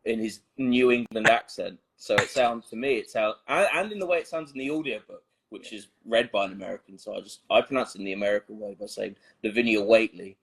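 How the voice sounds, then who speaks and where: A man's voice: lowish voice, quick pace, vocal fry, few pauses, a bit bright, slightly rough. A man musician chatting as a podcast guest, rambling and self-mocking. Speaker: band member guest. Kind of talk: casual chat.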